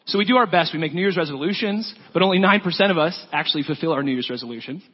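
A pastor preaches an earnest sermon, retelling a story and voicing its lines himself. His voice is fairly high and a little husky. The sound is dull and lo-fi, ringing with the long reverb of a large hall. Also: very fast.

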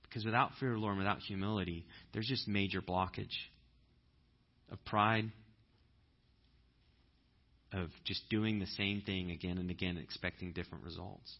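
Husky man preaching a sermon. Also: sits low, moderate pace, long pauses, dull audio. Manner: conversational storytelling, bursts into loud animated impressions. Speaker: pastor.

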